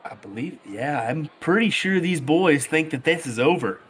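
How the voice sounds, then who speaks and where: A man doing live darts commentary in a relaxed, chatty way. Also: on the high side, moderate pace, a little hiss or hum. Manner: relaxed, chatty, laughs easily.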